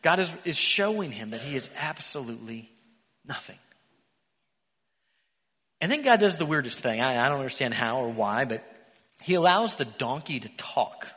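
A man preaching a sermon in a church, an animated storyteller who acts out the characters. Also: medium pitch, moderate pace, pauses often, husky. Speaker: pastor. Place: church sanctuary. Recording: echoey church hall.

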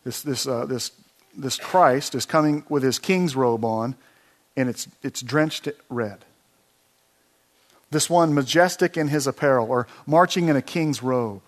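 A man's voice: mid-range voice, measured pace. A man preaching an expository sermon, reading scripture aloud and asking the congregation questions, with frequent "uh" fillers.

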